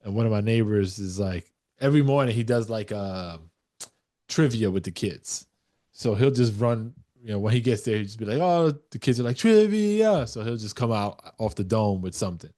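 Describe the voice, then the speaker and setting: A man from New York co-hosting a dads' podcast, his voice a bit low. He tells his stories with animated energy and drops swear words casually as he goes. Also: moderate pace. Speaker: podcast co-host. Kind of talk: casual chat.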